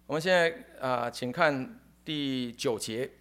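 A man preaching a sermon in short phrases, animated and emphatic, often repeating his words. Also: mid-range voice, a little slow. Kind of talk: sermon with live interpretation.

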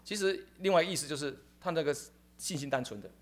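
A male preacher delivers a sermon in quick, short bursts. His voice is a little high and very fast, animated and emphatic, and he often repeats words as he presses his points. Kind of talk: sermon with live interpretation.

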